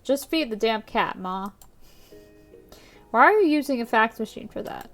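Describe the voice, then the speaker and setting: Woman playing a rude motel clerk, New York-style accent, gruff, sneering, fairly high voice. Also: expressive, normal speed, fairly bright tone, soft background music. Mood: grumbling. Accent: put-on New York-style accent.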